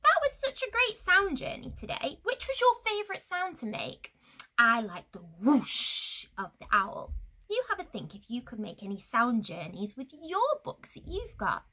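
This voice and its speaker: A woman runs an interactive sound journey for children, with a bright, high voice. She sways between hushed whispers and excited calls. She takes her time and leads the group in chanted sound effects. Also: unhurried. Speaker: children's activity leader.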